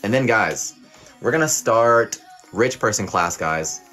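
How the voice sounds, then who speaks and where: Deep-voiced young man teasing his chat. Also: expressive, fairly bright tone, faint music behind. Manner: teasing, profane, quick verdicts. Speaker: livestream host. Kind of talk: playful mock teacher reading live chat.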